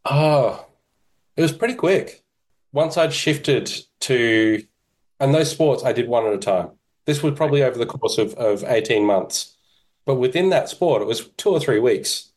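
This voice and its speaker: A man, a podcast guest talking in a relaxed, self-deprecating way with halting restarts. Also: mid-range voice. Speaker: podcast guest, kettlebell instructor. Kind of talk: casual interview chat.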